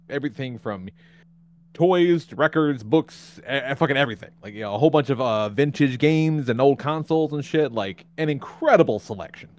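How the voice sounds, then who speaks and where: A man hosting a podcast, telling a story in casual chat, acting out quotes with big jumps in pitch and laughing often. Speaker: podcast host.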